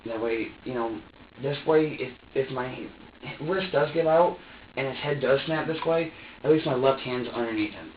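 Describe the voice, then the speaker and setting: A man's voice: medium pitch, normal speed. A man being questioned by police, rambling anxiously, repeating himself and restarting his sentences. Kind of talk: police interrogation statement. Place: police interview room. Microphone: room recorder, far from the mic. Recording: roomy, distant, dull lo-fi recording with faint hiss.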